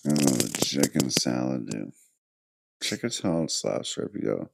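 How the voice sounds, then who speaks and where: A very deep-voiced man with a gravelly edge co-hosts a casual podcast, cutting in with short, crude heckles. Clear background noise sits under his voice. His remarks are blunt and jokey. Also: animated, moderate pace. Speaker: podcast co-host. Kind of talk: casual chat.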